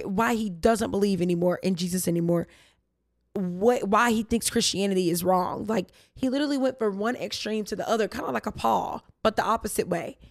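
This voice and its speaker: A young woman hosting a casual faith Q&A podcast, hoarse and raspy from losing her voice, chatty and rambling with tangents, and tired and low on energy. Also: no room sound, clean studio sound. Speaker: podcast host.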